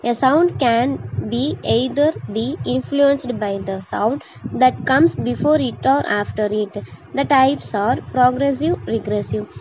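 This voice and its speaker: A woman's voice: sits high, slow pace. A woman reading out a lesson on English pronunciation in short phrases, with some slips in wording. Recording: dull lo-fi recording, faint hiss.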